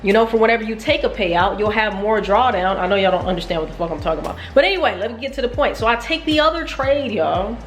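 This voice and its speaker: A woman's voice: medium pitch, lively intonation, fast talker, few pauses. Woman, casual vlog, profane, self-mocking, echoey room, faint music behind. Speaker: trading vlogger.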